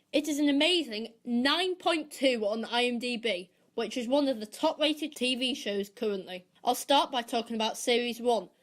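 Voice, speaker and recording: A woman co-hosting a film podcast, reading her prepared reviews and recommendations in a steady, measured way. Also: on the high side. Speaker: podcast co-host.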